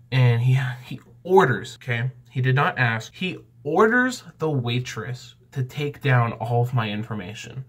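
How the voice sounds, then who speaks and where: Young male vlogger with a mid pitch who tells a comic story with lots of energy. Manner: animated, excitable, jumps in pitch. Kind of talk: comedic storytelling.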